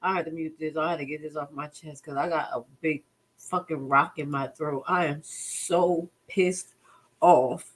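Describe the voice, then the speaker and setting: A woman's voice: low voice, fairly even intonation, a little fast, fairly bright tone, rough recording. A woman hosting a livestream and reacting with heated, agitated commentary, swearing and speaking out bluntly. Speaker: livestream host.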